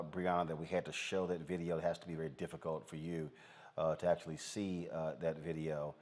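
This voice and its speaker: Lower-pitched male news host, emphatic and direct on air. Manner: direct, emphatic, with many fillers. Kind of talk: news commentary.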